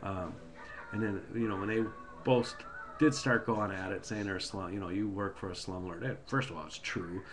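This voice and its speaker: A man with a fairly low voice rants into a webcam at home. He rambles and repeats himself, and his tone is heated. A faint background noise sits behind him. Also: moderate pace. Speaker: video blogger. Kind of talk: casual political rant.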